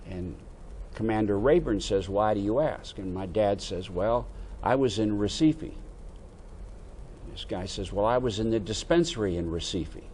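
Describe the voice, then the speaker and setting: Older guy, kinda low voice, telling an old navy story, bit of room hiss. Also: unhurried. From United States. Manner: animated anecdote-telling with quoted dialogue. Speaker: veteran interviewee. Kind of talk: oral history storytelling.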